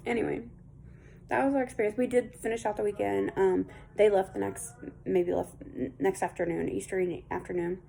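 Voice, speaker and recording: A woman's voice: mid-range voice, gravelly, warm tone, slight background noise. A woman vlogger telling a story to her viewers in a chatty, rambling way, with small laughs and asides.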